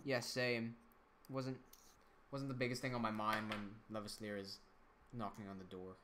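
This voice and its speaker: A man's voice: fairly low pitch, flat delivery, moderate pace, background noise. A young man hosting a casual livestream, chatting loosely, reading out viewer comments and restarting his sentences often. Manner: chatty, reads out chat comments, frequent restarts. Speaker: livestream host and animator.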